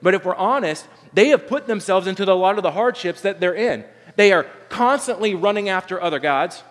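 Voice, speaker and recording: A man's voice: sits high, animated, a little fast, fairly bright tone. A man in his thirties preaching a sermon, earnest and conversational, often restarting his sentences. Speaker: pastor. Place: church sanctuary. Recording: long reverb of a large hall.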